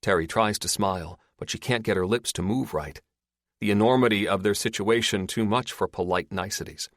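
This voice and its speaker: A man narrates an audiobook in a steady, measured reading of a script. His voice sits on the low side, and the recording is clean studio sound with no echo.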